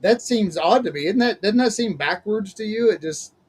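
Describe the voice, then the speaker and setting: A man's voice: high-pitched, lively intonation, normal speed, darkish tone, breathy edge, rough recording. A man hosting a casual chat as a minister, folksy and chatty, laughing often. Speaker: host, minister.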